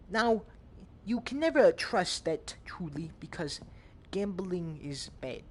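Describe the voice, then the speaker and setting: A man's voice: high-pitched, a little slow, soft background music. A young man giving joking, rambling gameplay commentary, swearing now and then. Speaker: gamer.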